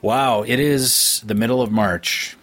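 A man's voice: medium pitch, fairly even intonation, takes it slowly, a bit bright. A man co-hosting a casual podcast, talking in a playful, jokey, rambling way. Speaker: podcast co-host. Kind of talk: casual chat.

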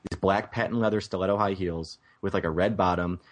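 A man co-hosting a casual movie podcast, rambling with filler words, swearing, and breaking into animated voice imitations. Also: low voice, a little fast. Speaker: podcast co-host. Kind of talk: casual film chat.

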